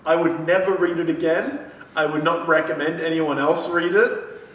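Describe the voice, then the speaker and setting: A man's voice: on the high side, steady tone, moderate pace, fairly bright tone. A man co-hosting a casual book-review chat, swearing freely as he recaps the plot. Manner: profane, retells plot acting out characters' lines. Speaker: podcast co-host. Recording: echoey room from a distant mic, faint noise.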